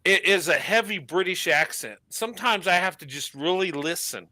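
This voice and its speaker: A man's voice: sits high, animated, normal speed, pushed and bright, no room sound. A man from New Mexico in casual chat, often stalling and repeating words as he searches for them. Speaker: chat participant.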